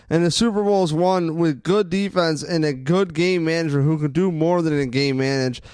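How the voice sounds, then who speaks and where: A man's voice: a little high, clear, resonant tone, dry recording, clean studio sound. A man co-hosting a sports podcast, ranting with lots of swearing in casual chat. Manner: profane, ranting, animated. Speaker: podcast co-host.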